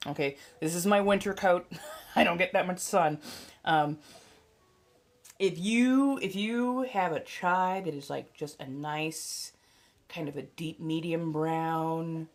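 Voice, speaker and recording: A little slow and low-voiced, this young adult woman hosts a casual livestream and reads tarot. Chatty and blunt, she swears freely and dots her talk with fillers and laughs.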